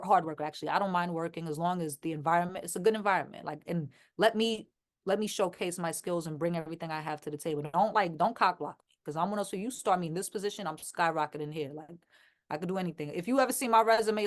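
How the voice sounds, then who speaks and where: A woman rapper from Queens talks fast in a lowish voice with a New York accent. As a guest in a casual interview chat, she's blunt, animated, and swears plenty.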